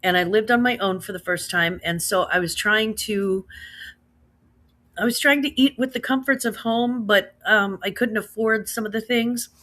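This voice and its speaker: A woman's voice: medium pitch, moderate pace, fairly bright tone. A woman in her thirties with a Midwestern American accent, casually chatting with her livestream audience, reading out comments and laughing along. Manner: chatty, laughs often, says girl and slaps. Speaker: livestream host reading chat. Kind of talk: casual chat.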